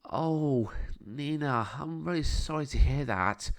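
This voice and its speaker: A man's voice: on the high side, slow, pitched above the performer's own voice. A man voicing a friendly, caring young man in a storybook reading, in an easygoing, everyday voice. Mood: gentle.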